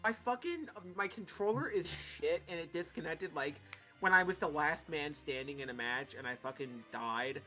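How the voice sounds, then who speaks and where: A woman's voice: sits low, animated, normal speed, a bit bright, soft background music. Foul-mouthed woman reading aloud. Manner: swears a lot, rants, riffs off the text. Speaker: reader and co-host. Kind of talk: comedic book reading with crude jokes.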